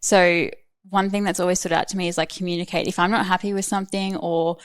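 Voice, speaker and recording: A woman's voice: lowish voice, little pitch movement, fast talker, clean tone, no echo. Chatty woman around thirty. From Australia. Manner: candid, chatty, frequent "like" and "um". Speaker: podcast guest. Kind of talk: casual interview chat.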